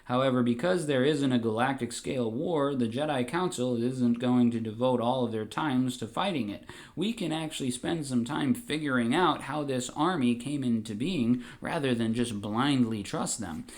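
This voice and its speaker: A man's voice: medium pitch, moderate pace, few pauses, lightly acted. A man voicing a stern male council leader who speaks firmly and matter-of-factly.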